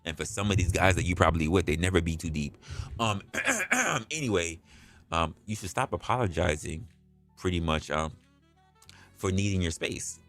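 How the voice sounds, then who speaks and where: Low-voiced man hosting a livestream. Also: lively intonation, moderate pace, a bit bright, faint music behind. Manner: blunt, profane, conversational. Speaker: livestream host. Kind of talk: casual livestream monologue.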